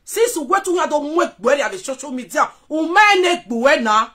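A Nigerian woman delivers a confrontational rant straight to the camera, scolding and warning in a high voice that leaps up and down. Her tone is bright and sharp, and she slides between Pidgin and local languages. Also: very animated, fast.

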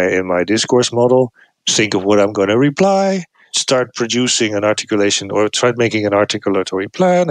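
A man talking as a podcast guest, explaining his research in a lively way, with frequent restarts and raised pitch when he acts out examples. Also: no echo. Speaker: podcast guest, cognitive scientist. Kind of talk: explanatory interview talk.

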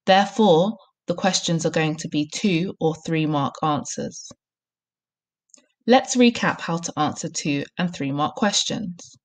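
A primary school teacher gives a recorded reading lesson, with clear, encouraging instructions. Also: female voice, low voice, measured pace.

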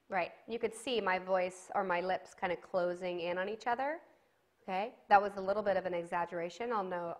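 A woman's voice: mid-range voice, a bit bright. A woman teaching a singing lesson to camera, giving encouraging instructions and demonstrating sung vowels between them.

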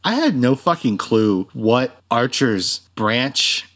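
A young man co-hosting a casual podcast chat, swearing freely and acting out film lines in a high put-on voice. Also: slow. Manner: animated, swears often, acts out quotes in high voices. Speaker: podcast co-host.

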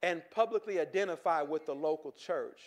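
Pastor guy preaching, high voice, chatty, stumbles and restarts a lot. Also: brisk. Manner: conversational, with stammered restarts and chuckles, shifting from joking to earnest. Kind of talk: sermon.

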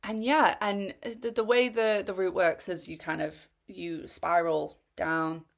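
Lowish-voiced woman recapping a race. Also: fairly even intonation, a little slow, gravelly. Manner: chatty, rambling storytelling. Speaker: runner reviewing a race. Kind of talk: casual spoken race recap.

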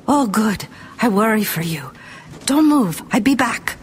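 A woman's voice: sits high, unhurried, a little hiss or hum, voice pushed up. A woman voicing a young male helper who speaks in clipped, broken English with urgent concern in an audiobook.

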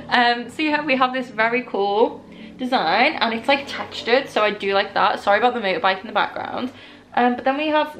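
A young woman chatting casually in a book unboxing vlog, excitable and gushing, often laughing as she talks. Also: on the high side, brisk, slight background noise. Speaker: book vlogger. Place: indoors at home, rain outside.

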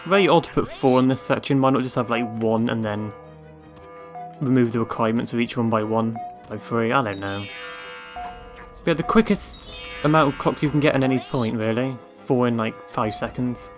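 Man, let's play commentary, sarcastic, swears a lot, mid-pitched voice. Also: moderate pace, music in the background. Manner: sarcastic, swears freely, talks to the game. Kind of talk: casual gameplay commentary.

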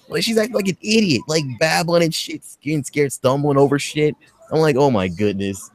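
A man hosting a podcast, recapping a movie in casual, profane, rambling chat and acting out quotes in a high voice. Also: fairly quick. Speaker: podcast host.

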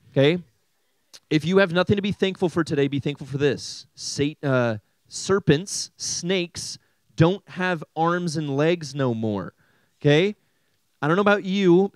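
A young man preaching to a high school group, animated and jokey, often asking the room questions. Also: no room sound, low-quality recording. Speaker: youth pastor. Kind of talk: sermon.

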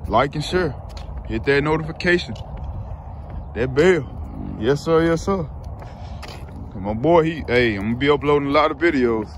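A man's voice: medium pitch, expressive, moderate pace, long pauses. A man talking casually and coaxing his dog as he walks outside, in a laid-back vlog style. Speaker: vlogger, dog owner. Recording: noisy outdoor street sound.

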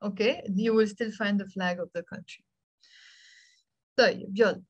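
A woman with a Lebanese accent teaches beginners over a video call, patient and encouraging as she spells out each letter slowly. Her voice sits at a middle pitch and sounds close and dry, with no room around it. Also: fairly even intonation, no room sound, highs cut off. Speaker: Arabic teacher. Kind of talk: live online language lesson.

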